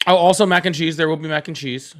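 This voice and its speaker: A man's voice: fairly high pitch, steady tone, fast talker, fairly bright tone. A man hosting a casual livestream, rambling, repeating himself and laughing often. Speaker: livestream host.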